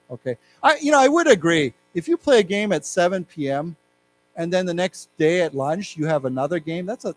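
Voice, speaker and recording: A middle-aged man with an American accent teaching an English lesson, explaining words and reading news aloud slowly. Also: a little high, rough recording. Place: library lecture room.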